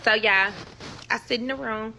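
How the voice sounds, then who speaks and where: A woman from St. Louis telling a personal story to her viewers in a casual storytime vlog, animated and full of profanity. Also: fairly high pitch, moderate pace, vocal fry, a little hiss or hum. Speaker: storyteller vlogger.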